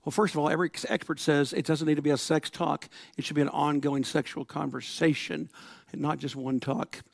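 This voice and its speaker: A man's voice: on the high side, fairly even intonation, a little fast, gravelly, dry recording. A middle-aged man preaching a sermon to his congregation in a church, telling stories and acting out quotes. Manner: storytelling with laughs and acted-out quotes. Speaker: pastor.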